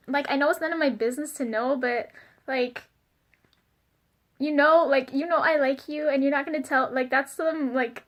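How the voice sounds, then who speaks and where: A woman's voice: high-pitched, fairly even intonation, normal speed. A young woman talking in a casual confessional vlog, chatty and giggly, full of fillers and flustered asides. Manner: flustered and self-conscious. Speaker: vlogger.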